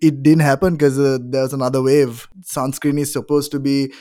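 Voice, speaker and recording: A man's voice: mid-range voice, normal speed. A man, a band member speaking casually in an interview. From Sri Lanka. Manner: relaxed, filler-heavy.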